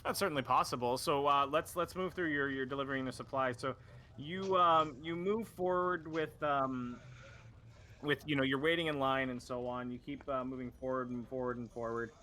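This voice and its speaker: Casting: male game master, bright tone, meandering narration full of fillers. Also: mid-range voice, normal speed, a little hiss or hum. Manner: rambling, many fillers and restarts.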